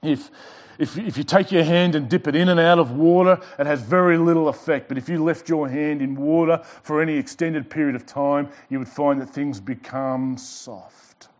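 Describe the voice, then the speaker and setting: A male pastor preaching a sermon to a church congregation. He swings between loud emphasis and quiet passages, with light joking asides. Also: fairly high pitch, fairly even intonation, normal speed, few pauses. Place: church service before a congregation.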